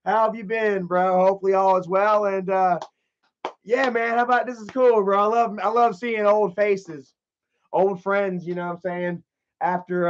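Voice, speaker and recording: Young dude chatting on his stream, high voice, kinda muffled lo-fi sound, rambles and cusses. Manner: rambling storyteller, swears freely, shouts when acting out a scene. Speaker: live stream host. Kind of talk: casual live stream chat, reading comments.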